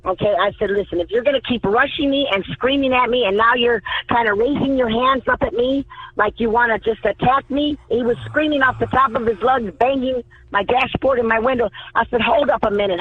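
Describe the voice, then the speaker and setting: A woman's voice: a little high, brisk, husky. A woman calling in to a radio show, telling a story emphatically and repeating words for stress. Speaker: caller. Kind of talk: call-in storytelling. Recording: tinny phone line.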